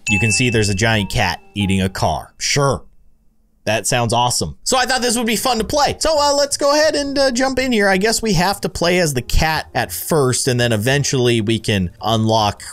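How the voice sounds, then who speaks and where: A man narrating his gameplay in a playful, jokey commentary style. His voice sits at an ordinary pitch but swings up and down a lot as he reacts. Faint music plays underneath. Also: a bit bright. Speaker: gaming YouTuber. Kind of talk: playful let's-play commentary.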